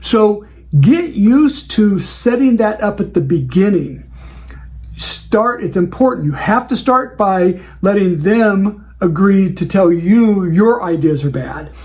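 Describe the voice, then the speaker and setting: A man's voice: sits high, animated, takes it slowly, darkish tone. A man who hosts a show for wedding DJs, talking through client advice in a casual, conversational way and acting out the dialogue he has with clients.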